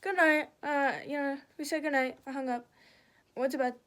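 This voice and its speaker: While putting on makeup, a young woman chats her way through a story full of swearing and animated retelling. She has a high-pitched voice and talks at a normal speed.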